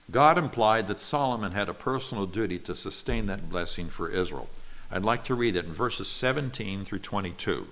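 A man delivers an expository sermon. His voice sits fairly low. He reads scripture aloud and then explains it word by word, like a teacher. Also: fairly bright tone, rough recording. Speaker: pastor.

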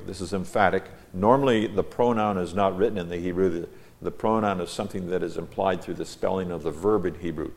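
Deep-voiced man teaching scripture. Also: fairly quick, gravelly, darkish tone. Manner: reads scripture aloud, then stops to explain Hebrew words. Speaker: Bible teacher. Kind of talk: verse-by-verse Bible teaching.

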